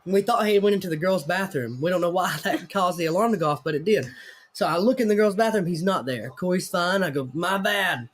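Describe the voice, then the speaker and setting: A man tells a story in a loose, rambling way, swearing and poking fun at himself. His voice sits high for a man. He talks casually to a guest. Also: brisk. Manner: rambling, profane, self-mocking storytelling. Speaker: host.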